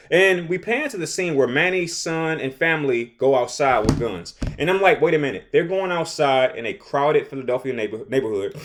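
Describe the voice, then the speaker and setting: A young man casually recapping a TV episode, rambling and animated, often acting out characters' lines. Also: a little high. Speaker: show recap host.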